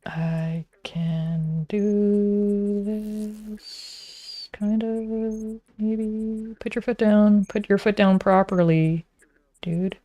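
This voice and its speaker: A woman's voice: mid-range voice, flat delivery, very slow, pauses often, dark tone. A woman, talking to herself while streaming a frustrating game, muttering and sometimes whispering. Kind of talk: casual gameplay commentary.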